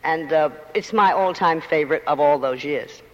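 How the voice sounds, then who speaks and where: A woman's voice: low-pitched, moderate pace, big-room sound, dull audio. An older woman with a mid-Atlantic accent, a guest talking emphatically and theatrically in a live on-stage interview, often laughing.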